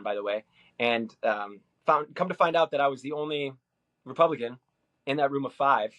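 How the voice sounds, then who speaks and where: A man from Minnesota, talking hesitantly with many fillers and restarts as he recounts his day in a personal vlog. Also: on the high side. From Minnesota, USA. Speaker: vlogger.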